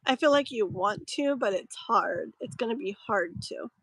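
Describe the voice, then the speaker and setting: A woman's voice: fairly high pitch, expressive, normal speed, a bit bright, breathy edge, no echo, low-quality recording. A woman in her thirties chatting casually while doing live tarot readings, rambling with lots of fillers and a slightly strained voice. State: voice strained, clearing throat. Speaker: tarot reader streaming live. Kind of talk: casual live-stream chat.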